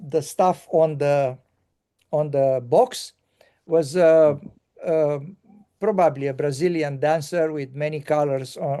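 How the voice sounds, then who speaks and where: An older man from Romania, recounting a tour in casual conversation, halting with many fillers and restarts. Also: on the high side, dark tone.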